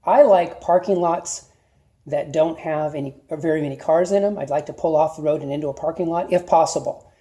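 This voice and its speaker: Mellow-voiced man giving practical advice. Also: a little high, fairly quick. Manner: plain-spoken, repeats "okay?" to check in with listeners. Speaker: video host giving advice. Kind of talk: casual instructional talk to camera.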